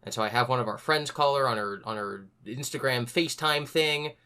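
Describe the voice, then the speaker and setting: A young man hosting a podcast, telling a story in a casual, animated way and acting out other people's lines. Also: medium pitch, a little fast, smooth. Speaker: podcast host.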